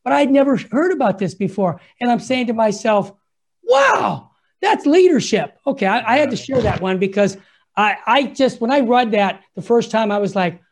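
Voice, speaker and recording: A man hosting a Catholic radio talk show who tells stories with growing excitement and gets carried away. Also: high voice, a little fast. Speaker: radio host.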